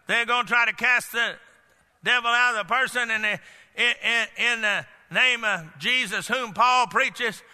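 High, bright-voiced preacher in echoing church. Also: male voice, a little slow. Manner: emphatic preaching with storytelling asides. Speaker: pastor. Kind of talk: sermon. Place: church sanctuary. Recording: long church-hall reverb.

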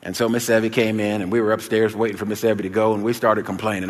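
A man preaching a sermon, telling a childhood story in an animated, folksy way before listing scripture references. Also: fairly low pitch, quick pace, hardly any pauses. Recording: long hall reverb.

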